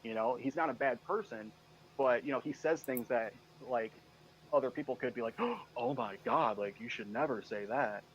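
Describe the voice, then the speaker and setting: A man's voice: mid-range voice, expressive, normal speed, highs cut off. A man from Michigan talks through his stories in a loose, rambling way, packing in "you know" and "I said", and slips into other people's lines as he goes. His voice sits in a middle register. Faint noise hums behind him. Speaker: guest. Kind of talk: casual interview storytelling.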